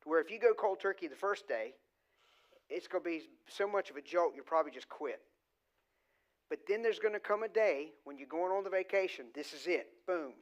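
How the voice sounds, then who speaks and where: A middle-aged man delivers a sermon in a church sanctuary. His voice sits a touch higher than most men's, and he preaches in an emphatic, conversational way, often slipping into quoted lines. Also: animated, normal speed. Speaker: guest preacher.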